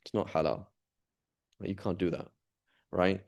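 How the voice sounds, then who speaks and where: A man's voice: deep voice, moderate pace, gravelly, a little mellow. A man teaching an informal class, talking conversationally and often checking in with the students. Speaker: Islamic studies teacher.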